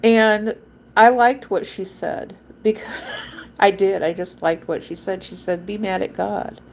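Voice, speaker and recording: A woman's voice: medium pitch, a little slow, slight background noise. A woman hosting a livestream, telling a personal story in a rambling, emphatic way and repeating her points. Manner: acts out quoted voices. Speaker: livestream host. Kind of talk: casual personal monologue.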